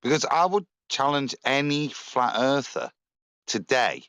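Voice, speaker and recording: A man's voice: medium pitch, animated, a little slow, fairly bright tone, clear, resonant tone, no echo. A man on a live panel, making his case earnestly and often restarting his sentences.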